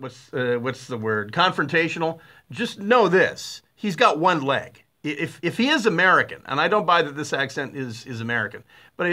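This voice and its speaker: Blunt, sarcastic talk radio man. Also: fairly high pitch. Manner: blunt, sarcastic, animated, with many fillers and restarts. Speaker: radio talk show host. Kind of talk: opinionated talk radio monologue.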